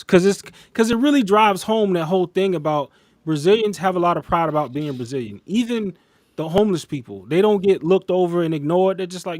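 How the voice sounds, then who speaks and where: Animated storytelling man, dry close mic. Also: a little fast, no echo. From United States. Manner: animated, acts out quotes with big pitch jumps. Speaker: podcast co-host. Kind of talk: casual storytelling chat.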